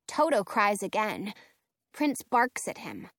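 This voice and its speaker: Brief: woman reading a children's book aloud, lively and slow, dry close sound. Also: medium pitch, dry recording. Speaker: audiobook reader. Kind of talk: first-person storybook narration.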